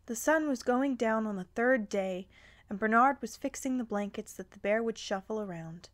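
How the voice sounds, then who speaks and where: A woman gently reading a romantic fan story aloud. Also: fairly high pitch, moderate pace. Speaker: fan fiction reader.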